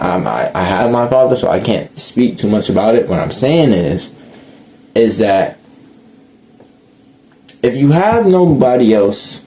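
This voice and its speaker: Young man, low and warm, casual earnest monologue, self-correcting. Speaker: speaker sharing reflections.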